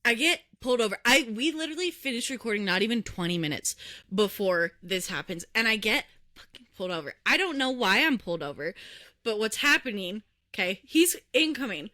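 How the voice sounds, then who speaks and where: An animated young woman tells a story on a podcast, her voice swooping high and low as she acts out the people in it. Her tone is bright and sharp, and she swears freely. She speaks close to the microphone in a dry room with no echo. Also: a little fast. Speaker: podcast co-host. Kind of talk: casual storytelling chat. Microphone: close to the mic.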